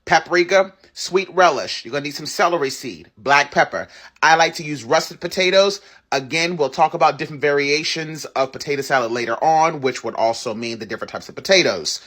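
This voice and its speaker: A man's voice: on the high side, fairly quick, fairly bright tone. A man hosting a casual cooking tutorial, emphatic and playful, repeating his points with teasing scolds. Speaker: home cook, channel host.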